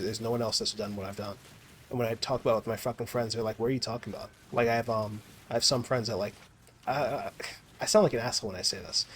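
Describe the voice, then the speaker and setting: A man's voice: fairly low pitch, a little hiss or hum. A man in a casual, rambling monologue while gaming, swearing a lot and restarting his sentences often. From United States. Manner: rambling, profane, many restarts and fillers. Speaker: gaming vlogger.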